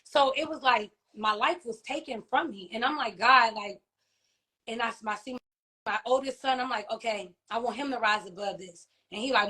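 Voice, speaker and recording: A woman with a slightly high voice gives emotional personal testimony in an interview. She speaks in a halting, heartfelt way, restarting her sentences and often checking that the listener follows her. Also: pushed and bright. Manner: halting, heartfelt, many fillers and restarts, often asks "you know what I mean?". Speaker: interview guest, grieving mother and author.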